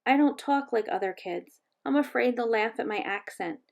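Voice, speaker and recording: Woman reading as a shy, soft-spoken schoolgirl. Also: a little high, lively intonation, moderate pace, creaky. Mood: whispering. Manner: gentle, hushed.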